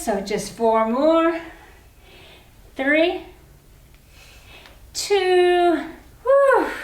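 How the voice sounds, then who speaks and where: A woman leading an exercise class for older adults, counting reps and cheering people on, a little out of breath. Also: on the high side. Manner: encouraging, counts reps aloud, cheers on the last reps. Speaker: fitness instructor. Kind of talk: guided exercise class instruction. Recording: echoey room, mic at a distance.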